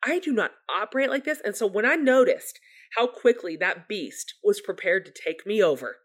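A woman's voice: medium pitch, lively intonation, normal speed, a bit bright. A woman guest telling a personal story candidly and with self-deprecating humor, acting out her own past words. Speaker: guest author.

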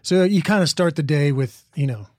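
A middle-aged man from the Midwest, an actor guest chatting casually in an interview, telling stories in a relaxed, rambling way with many restarts. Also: on the high side, normal speed, no room sound, studio quality. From American Midwest.

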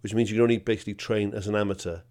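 A man co-hosting a podcast in casual chat, animated and laughing as he tells stories. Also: fairly low pitch, racing. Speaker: podcast co-host.

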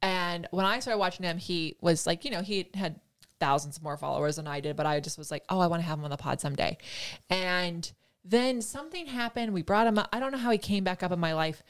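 A woman hosting a podcast, telling a story in casual chat, excitable and gushing, with lots of fillers. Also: on the low side, brisk. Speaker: podcast host.

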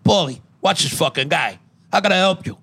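A man's voice: fairly high pitch, animated, gravelly, bright, forceful tone, breathy edge, no echo, full character voice. A man doing a cursing mob boss. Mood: menacing scorn. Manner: profane, threatening, quick tough-guy bark. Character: blustering middle-aged male New Jersey mob boss. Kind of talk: comedic improv impression.

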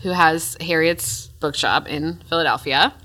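A woman co-hosts a podcast and chats with plain enthusiasm. Her low-ish voice has a bright, forward edge. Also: measured pace. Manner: enthusiastic, chatty. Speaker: podcast co-host. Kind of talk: casual chat.

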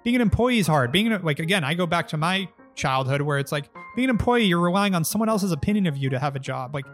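A man in his thirties, a business founder telling stories in a casual interview, blunt and profane, with lively delivery. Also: on the high side, fast talker, soft background music. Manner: blunt, profane, animated storyteller. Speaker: agency founder and guest.

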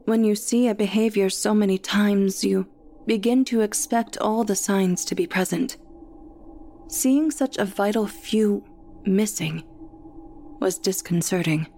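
A woman narrates a first-person story in a quiet, reflective manner. She reads slowly, in a mellow, soft-edged voice at a middle pitch. A faint hum runs under the recording.

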